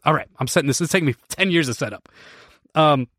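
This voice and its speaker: A man's voice: fairly high pitch, fast talker, a bit bright, no room sound, studio quality. An American man in his late thirties, hosting a podcast and telling a story casually to a live audience, with many restarts and bursts of laughter. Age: 30s. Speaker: podcast host.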